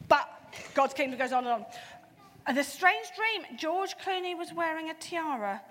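Playful children's leader, woman, high voice, echoey hall. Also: moderate pace, slight background noise. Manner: lively, playful, asks the kids questions. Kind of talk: retelling a Bible story to children. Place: large church hall.

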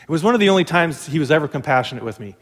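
A man's voice: on the high side, expressive, very fast, in a large hall. A male pastor telling a humorous, self-mocking story during a sermon.

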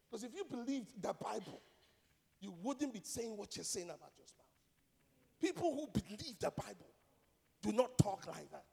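A man preaching with a high, ringing voice that carries through a large, reverberant hall. He talks emphatically, repeating key phrases and asking the congregation pointed rhetorical questions. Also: big pitch swings, fairly quick, gravelly, darkish tone. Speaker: pastor. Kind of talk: sermon.

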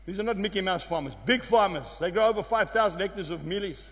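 A South African man preaching a sermon, telling a story with emphatic exclamations that drop to hushed tones. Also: sits high, fast talker, breathy edge. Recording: long hall reverb.

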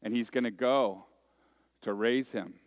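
A man's voice: medium pitch, a little slow, no room sound. Male pastor, 40s, chatty sermon, jokes at his own expense, dry close sound. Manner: joking, self-deprecating, storytelling. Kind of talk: conversational sermon.

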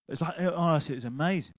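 An older man preaching a sermon, telling an anecdote with laughter and animated asides. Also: fairly high pitch, no room sound, poor audio. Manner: animated storytelling, laughing at his own anecdote.

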